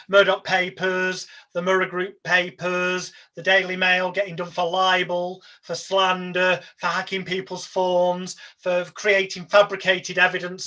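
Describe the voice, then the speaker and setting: A man's voice: sits high, bright, forceful tone. A man talking emphatically and persuasively as an interview guest. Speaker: hypnotist guest. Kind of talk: casual interview talk.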